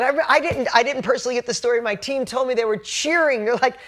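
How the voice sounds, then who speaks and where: Blunt, lively woman coach telling a story to her group. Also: high-pitched, fast talker, hardly any pauses. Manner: candid, animated storyteller who swears casually. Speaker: business coach.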